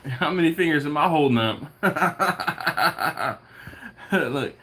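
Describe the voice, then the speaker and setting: A man's voice: fairly high pitch, lively intonation, slow pace, sharp tone. A man hosting a casual live stream from home, greeting viewers by name and chuckling as he reads their comments. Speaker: barbecue livestream host.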